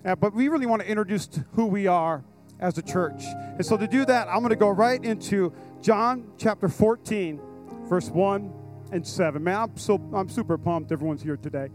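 A man preaching to a congregation at a church service, excited and casual, with slang and asides to the crowd. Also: high voice. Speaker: pastor. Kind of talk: lively sermon at a church service.

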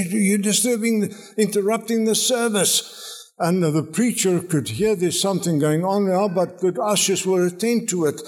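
A man preaching a sermon, telling a story in an animated way, acting out the voices of its people and repeating words as he goes. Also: fairly high pitch. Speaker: guest preacher.

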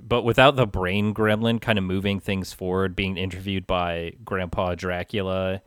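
A man co-hosting a podcast in casual film chat, measured, with dry deadpan jokes. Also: low voice, smooth, dry recording. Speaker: podcast co-host.

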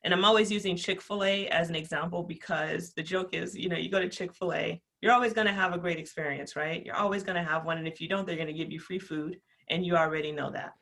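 Being interviewed on a podcast, a woman enthuses about customer service in an energetic, chatty way packed with fillers. Her gravelly, lower voice moves fast with few pauses.

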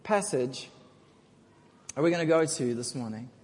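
A man's voice: medium pitch, expressive, moderate pace, a little mellow. A man preaching a sermon in a casual, jokey storytelling manner, calling out to the congregation for responses. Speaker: pastor. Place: church. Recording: long church hall reverb.

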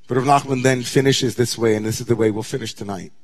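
A middle-aged rabbi delivers a sermon in a voice of ordinary pitch for a man. He drops to hushed, breathy near-whispers, then rises into loud, impassioned storytelling. His delivery is slow and deliberate in the quiet passages and hurried in the anecdotes. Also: steady tone.

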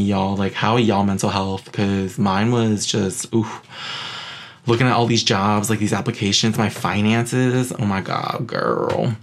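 A young man from Queens, New York, hosting a podcast in sassy, animated casual chat. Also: fairly low pitch. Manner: sassy, animated, says "girl" a lot. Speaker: podcast host.

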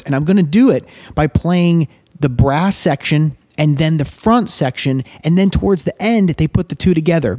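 A man's voice: on the high side, a little mellow. A man hosting a podcast, talking casually and eagerly about a song and reading its lyrics aloud. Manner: enthusiastic, explains while reading lyrics aloud. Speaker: podcast host. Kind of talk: casual music commentary.

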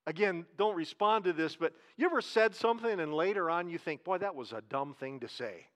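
A man preaching a sermon in a conversational way, asking his listeners questions and slowing down to stress key points. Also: on the high side, lively intonation. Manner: conversational preaching, asks the congregation questions, slows down for emphasis. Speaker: pastor.

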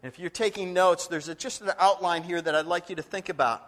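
A man's voice: sits high, fast, a bit bright. A male pastor preaching a sermon, telling stories dramatically and acting out the voices, sometimes dropping to a whisper.

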